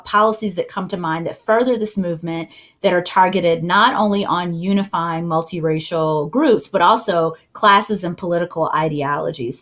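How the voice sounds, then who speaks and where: A woman's voice: on the low side, fairly bright tone. A woman moderating a panel discussion, speaking in a thoughtful, reassuring way.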